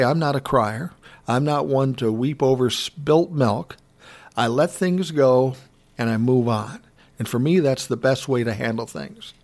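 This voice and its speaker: Guy in his 60s doing a solo podcast, just chatting, reflective and candid, normal mid pitch. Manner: reflective, candid, conversational storytelling. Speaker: podcast host.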